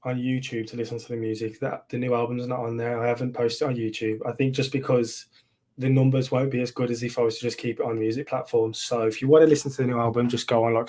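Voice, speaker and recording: British male musician guest, mid-pitched, relaxed and matter-of-fact, on a call. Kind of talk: casual chat. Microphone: video call.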